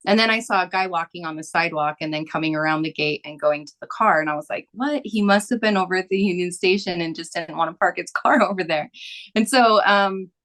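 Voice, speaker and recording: Rambling woman guest, lower voice. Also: fast talker, a bit bright. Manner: rambling, full of "like" fillers. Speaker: guest, massage therapist. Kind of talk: casual storytelling.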